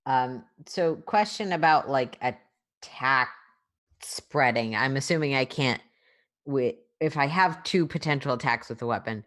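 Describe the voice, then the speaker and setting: A woman with a low-pitched voice plays in a tabletop game. She thinks aloud and checks the rules as she goes, in an easy, casual tone. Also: lively intonation, unhurried. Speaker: player.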